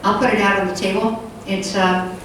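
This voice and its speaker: A woman's voice: medium pitch, flat delivery, normal speed. An older woman giving a conference talk, telling stories in a loose, conversational way with many fillers. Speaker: conference speaker. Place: conference hall. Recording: echoey hall from far off with faint room noise.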